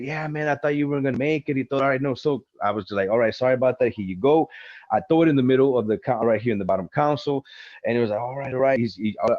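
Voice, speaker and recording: Male interview guest, animated swearing storyteller; dry, slightly muffled recording. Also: mid-range voice, no room sound. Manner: profane, animated retelling with acted-out quotes. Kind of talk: casual storytelling.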